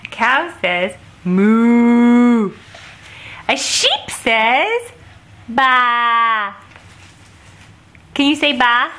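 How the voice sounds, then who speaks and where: A woman talking to a toddler over a picture book, slow and coaxing, making animal sounds in a sing-song way. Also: high-pitched, big pitch swings, pushed and bright. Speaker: parent.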